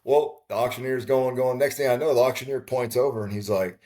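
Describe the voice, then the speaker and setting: A man chatting as a podcast guest, telling a lively story with acted-out quotes. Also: mid-range voice, a little fast. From Texas. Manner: animated storyteller, acts out quotes. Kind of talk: casual storytelling chat.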